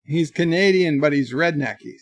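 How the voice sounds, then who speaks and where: A man's voice: on the high side, normal speed, no room sound. A man hosting a casual livestream, rambling and joking while reading chat messages aloud. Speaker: livestream host.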